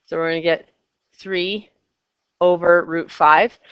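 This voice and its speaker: A woman's voice: fairly low pitch, steady tone, slow pace, smooth, dry recording, dull audio. A woman teaching a math class, chatty and coaxing her students with questions. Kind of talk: classroom lecture.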